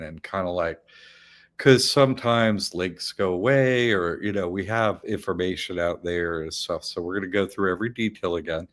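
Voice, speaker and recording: A man's voice: fairly low pitch, a bit bright. A man hosting an online academy show, chatting casually and rambling, often laughing. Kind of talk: casual chat.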